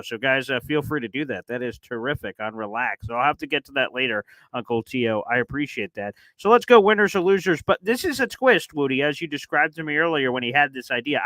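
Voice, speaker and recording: A man hosting a casual sports talk show, telling stories in an animated way and acting out his own reactions. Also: a little high, no room sound. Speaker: podcast host.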